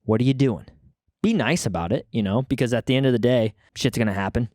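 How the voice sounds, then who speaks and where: A man's voice: mid-range voice, fast talker, darkish tone, no room sound, studio quality. A young man hosting his own casual podcast, rambling and joking at himself, a little out of breath after the gym. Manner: rambling, self-deprecating, restarts mid-sentence. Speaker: podcast host. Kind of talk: casual solo podcast talk.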